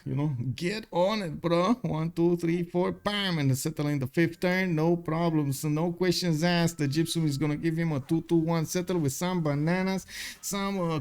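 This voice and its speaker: A man commentates a live strategy match in a relaxed, chatty way. He fills pauses with lots of "uh" and "um" and stops to greet viewers now and then. His voice sits a little higher than most men's. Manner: chatty, many fillers, greets chat viewers. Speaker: game commentator.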